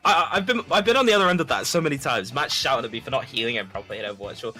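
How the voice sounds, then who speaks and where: A man commentating a live esports match, chatty and quick, often repeating words. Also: mid-range voice, sharp tone.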